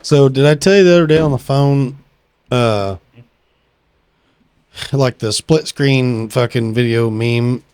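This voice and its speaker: A man's voice: mid-range voice, a little mellow, clear, resonant tone, no echo. A man co-hosting a podcast in casual chat, swearing and restarting his sentences. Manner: swearing, halting starts. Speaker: podcast co-host.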